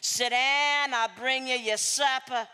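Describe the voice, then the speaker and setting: A woman voicing the giant's wary wife, speaking in a slow, hushed warning. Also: high-pitched, fairly even intonation, clear, resonant tone, long reverb tail, full character voice. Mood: soothing.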